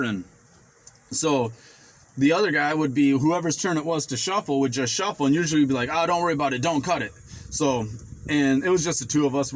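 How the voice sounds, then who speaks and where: A man in his forties telling a story casually to the camera, rambling and swearing freely, getting animated when he quotes himself. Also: medium pitch. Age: 40s. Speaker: finance vlogger.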